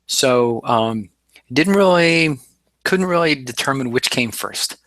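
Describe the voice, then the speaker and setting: Guy on a car podcast rambling thru stats, lots of ums, bright voice, dry mic. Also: medium pitch, expressive, slow, dry recording. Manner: rambling, many ums and restarts. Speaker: podcast co-host. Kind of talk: casual podcast talk.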